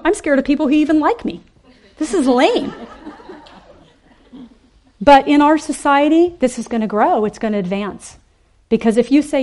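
Woman preaching to a ladies' group, kinda high voice, animated and emphatic. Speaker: speaker at a women's ministry event. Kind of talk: sermon.

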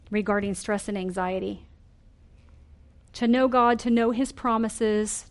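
A woman teaching a sermon in an earnest, emphatic way, asking questions and slowing down on key phrases. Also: medium pitch.

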